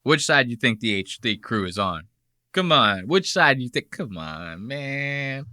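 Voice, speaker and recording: In a dry recording, this thirtysomething American man hosts a podcast, his mid-range, sharp-toned voice swinging widely in pitch at a measured pace. His casual commentary is a heated, rambling rant thick with profanity.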